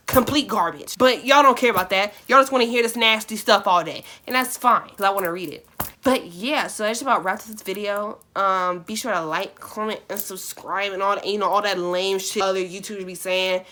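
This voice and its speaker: Bright-voiced young woman, blunt and sarcastic. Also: medium pitch. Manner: blunt, sarcastic asides with sudden loud outbursts. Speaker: YouTuber. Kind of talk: reading fan fiction aloud with reactions.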